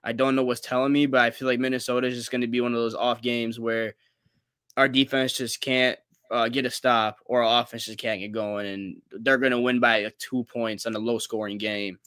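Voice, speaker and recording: Young male co-host, smooth and bright, opinionated and animated. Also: medium pitch, fairly quick, no echo, clean studio sound. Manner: animated, opinionated, casual slang. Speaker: co-host and student sports writer. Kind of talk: casual sports talk.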